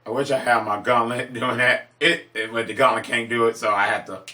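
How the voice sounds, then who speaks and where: A man reviewing movies in a casual monologue, gushing with excitement, repeating himself and breaking into sudden high-pitched exclamations. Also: brisk.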